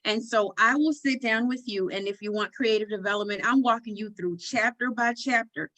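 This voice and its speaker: A woman book editor talks shop in a relaxed, casual conversation. Her voice sits a little high, and she's animated and playful, acting out exaggerated quotes. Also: normal speed, rough recording. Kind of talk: casual chat.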